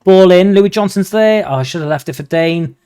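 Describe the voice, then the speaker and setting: A young man, commentating his own football management game with excitable, mock-commentator energy. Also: high-pitched, a little fast, clear, resonant tone. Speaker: gaming video host.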